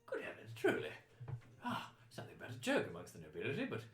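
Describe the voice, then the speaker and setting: Guy doing a fancy polite court chancellor, all flattery, big swoopy voice, echoey. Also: medium pitch, fast, soft background music, voice pushed up. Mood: gracious. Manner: polite and flowery.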